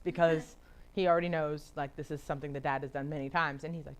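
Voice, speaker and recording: A woman's voice: low-pitched, little pitch movement, fast talker. A woman leading a casual Bible study. She chats freely, laughs often, leans on "like", and acts out the people she quotes. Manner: chatty, laughs often, lots of filler "like".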